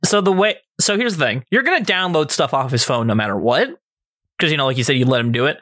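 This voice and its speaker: A man's voice: medium pitch, expressive, fast talker, fairly bright tone, no room sound, studio quality. Laughing, casual male game master. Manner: casual, laughs often, swears. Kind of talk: narrating a tabletop game.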